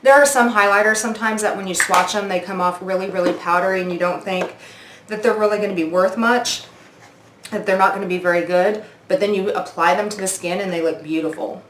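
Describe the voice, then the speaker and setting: A woman's voice: medium pitch, brisk, a bit bright, reverberant, a little hiss or hum. A woman in her forties doing a makeup review vlog, gushing and oohing as she tries products at her mirror. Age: 40s. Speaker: beauty vlogger.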